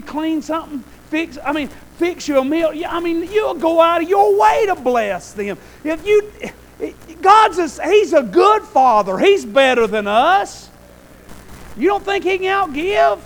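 Male preacher with a very high voice, folksy and animated, calls out for amens, shifts from murmur to shout. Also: a little hiss or hum, poor audio. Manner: folksy, animated, keeps asking the congregation "Amen?"; swings between quiet asides and loud shouted bursts. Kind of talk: sermon.

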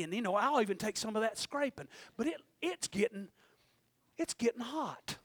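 High-voiced shouting preacher man. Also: normal speed, no echo. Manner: shouting, animated, acts out his own prayers. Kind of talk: sermon.

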